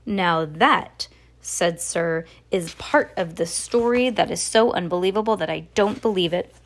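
A woman's voice: lowish voice, a little slow. A woman voicing a stern male mill owner who talks bluntly and dismissively in a storybook reading.

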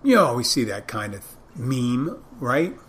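Very animated yet measured in pace, a bartender-turned-podcast-host spins a rambling anecdote, acting out the dialogue from both sides. His voice is mid-range and a bit bright, and the monologue stays casual.

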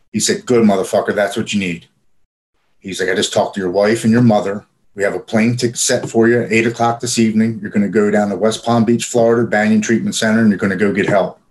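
Low-voiced man telling his story plainly. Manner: plainspoken, profane, frequent fillers. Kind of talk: casual personal storytelling.

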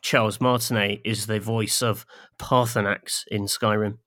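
A man's voice: fairly low pitch, level tone, a little slow, a bit bright, no echo. A man co-hosting a podcast in casual chat, dry and self-mocking, often laughing at his own stories. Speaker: podcast co-host.

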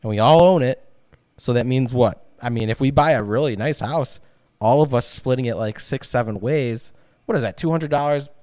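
A man co-hosting a podcast in relaxed, laid-back casual chat, joking along. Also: mid-range voice, normal speed, clean tone, no room sound, studio quality. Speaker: podcast co-host.

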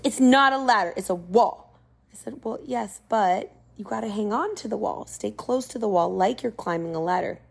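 A woman in her forties tells a story to camera in a casual, animated way. Her voice has a gravelly, creaky edge at a middle pitch. She sounds exasperated as she acts out the lines she quotes. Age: 40s. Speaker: vlogger.

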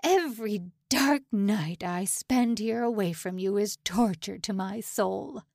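A woman's voice: mid-range voice, takes it slowly, vocal fry, a little mellow, no room sound. A cruel male prison camp officer in a grim audiobook, put on by a woman narrator. He snarls and mocks his captives with open contempt. The read is close and dry, with no room sound. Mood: mocking.

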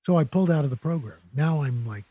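An older man from New City, a guest telling lively anecdotes in an interview. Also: fairly high pitch, fast, breathy edge, no room sound, muffled recording. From New York City. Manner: animated anecdotes with playful character voices. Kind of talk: storytelling interview.

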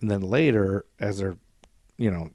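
A low-pitched man rambles through a story on a podcast, casual and loose, jumping into character voices for quotes. His voice is recorded dry and close, with no room sound. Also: normal speed, a little mellow, dry recording. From Scottish descent, grew up in America. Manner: rambling, acts out quotes in shifting voices, swears freely. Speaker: podcast host.

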